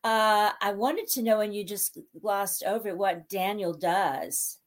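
A woman's voice: medium pitch, slow. A woman from Texas interviewing a host in casual chat over a video call, effusive and often trailing off mid-sentence. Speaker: guest interviewer.

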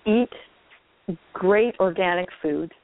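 A woman voicing a kindly, silver-haired old woman who gently insists on faith and home remedies, heard over a phone line. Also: fairly low pitch, slow pace, no echo. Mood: gentle coaxing.

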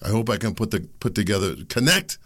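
A man's voice: on the low side, big pitch swings, fast talker, a bit bright. A man hosting a podcast, delivering an emphatic commentary monologue full of rhetorical questions. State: a little out of it after the steam room. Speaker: podcast host.

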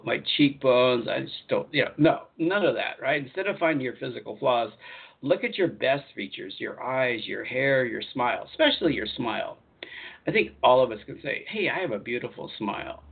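A man working as a spiritual life coach, hosting a live online talk show in a chatty, repetitive way with lively emphasis. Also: mid-range voice, vocal fry, slightly rough, narrow, tinny audio.

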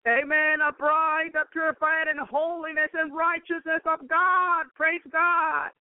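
Fervent high-voiced woman preaching, slow. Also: level tone, no room sound. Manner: fervent, peppered with praise exclamations. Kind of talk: spoken testimony sermon. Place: home in Chicago. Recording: dry, phone-like narrow sound.

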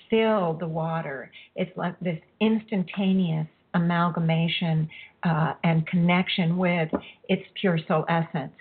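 Soft-spoken woman on a tinny line. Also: on the low side, husky. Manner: soft, emotional, halting, tearful at times. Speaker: spiritual healer leading a guided healing. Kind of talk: guided spiritual healing talk.

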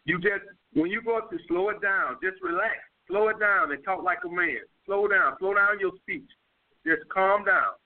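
Over thin, tinny, phone-like audio, a man with a New York accent hosts a call-in dating advice show as its dating coach. He is blunt and profane, talks at a moderate pace in a fairly high voice, and keeps hammering the same points.

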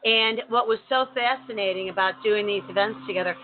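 A woman co-hosting a talk show, telling a story in a casual, animated way with many restarts. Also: medium pitch, fairly quick. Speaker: co-host. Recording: narrow phone-like sound.

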